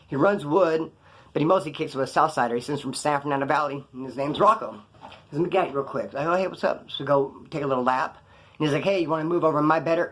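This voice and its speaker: A man telling prison stories to camera in a casual, profane, animated way, acting out quotes. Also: a little high.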